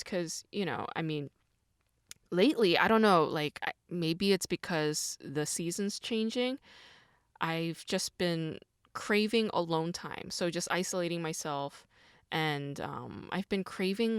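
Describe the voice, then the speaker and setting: A young woman hosts her podcast alone, talking in a loose, rambling way full of fillers and asides. Her voice sits on the low side and is recorded close and dry, with no room sound. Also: smooth, dry recording. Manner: rambling, chatty, lots of fillers. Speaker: podcast host. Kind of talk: casual solo chat.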